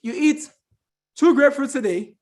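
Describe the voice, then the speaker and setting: Speaking at a moderate pace in a very high voice, a man gives a fervent, preaching-style health talk as an evangelist and remedies trainer. He rambles with frequent restarts and fillers, often calling his listeners friends.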